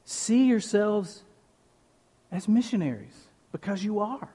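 A man preaching a sermon as pastor, slow and emphatic, leaning on repeated phrases. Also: high voice, expressive, dark tone, husky. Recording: long reverb of a large hall.

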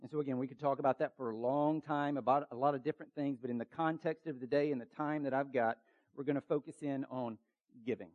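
A man preaching a sermon as pastor, urgent and emphatic, with quick asides to the congregation. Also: mid-range voice, steady tone, phone-quality sound.

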